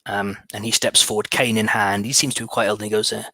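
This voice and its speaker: A man's voice: on the low side, flat delivery, fast, bright, forceful tone, no room sound. A man narrating as game master of a tabletop game, speaking casually with many fillers, restarts and repeated words.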